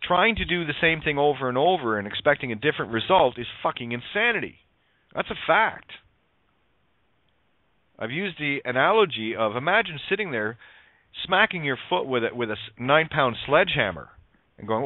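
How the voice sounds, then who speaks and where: A man's voice: a little high, sing-song, normal speed, dry recording. A man hosting a talk radio show, delivering an emphatic, sarcastic, preachy spiritual monologue full of wordplay and swearing. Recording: tinny phone-line radio audio.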